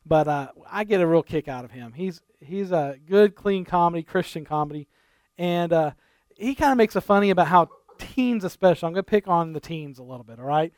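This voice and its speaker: A man's voice: fairly high pitch, expressive, brisk, darkish tone, no room sound. A male pastor giving a conversational sermon, telling stories with jokes and asides. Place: church.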